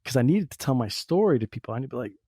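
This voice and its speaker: A man's voice: medium pitch, lively intonation, very fast, dark tone, slightly rough, no room sound, studio quality. A man hosting a podcast, talking through a personal reflective monologue in a rambling way, full of "you know" fillers. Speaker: podcast host. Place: lives in Southern Oregon.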